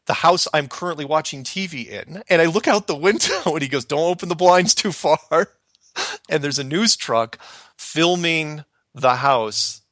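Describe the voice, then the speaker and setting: A middle-aged man casually telling a story from his past, animated and acting out other people's lines. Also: fairly high pitch, unhurried, no room sound. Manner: animated, acts out quoted voices, laughs often.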